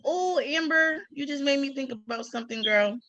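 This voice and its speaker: Chatty woman with a bright, dry voice. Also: high-pitched, normal speed, no room sound, dull audio. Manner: chatty, with laughing asides. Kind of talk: casual class discussion.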